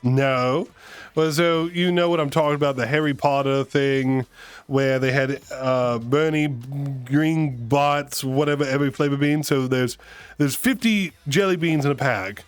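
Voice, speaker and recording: A man's voice: mid-range voice, unhurried, clear, resonant tone, no echo. A man hosting his live stream, telling rambling, self-mocking stories in a playful, casual way. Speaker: streamer host. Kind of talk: casual storytelling chat.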